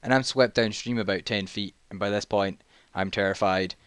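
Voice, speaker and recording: A man's voice: lowish voice, steady tone, moderate pace, a bit bright, smooth, no room sound. A man, telling a jokey, rambling story in a casual vlog while playing a video game and getting sidetracked. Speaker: vlogger.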